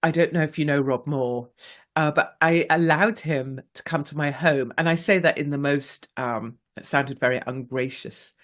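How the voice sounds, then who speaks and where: A woman's voice: low-pitched, normal speed. A woman in her forties hosts a radio talk show. She is chatty and playful and reads listener messages aloud in a casual monologue. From England.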